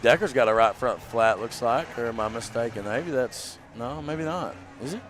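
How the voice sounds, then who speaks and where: A man's voice: medium pitch, animated, normal speed, fairly bright tone, slight background noise. Southern man commentating a derby. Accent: Southern American. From American South. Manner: chatty, easygoing, thinking aloud. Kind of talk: live demolition derby commentary. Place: outdoors at a racetrack.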